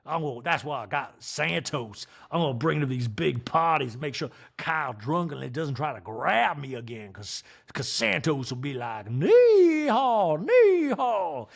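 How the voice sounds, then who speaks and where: A man as a podcast host doing a comedic recap in a chatty, crude, animated way. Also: mid-range voice, normal speed, gravelly, few pauses, husky.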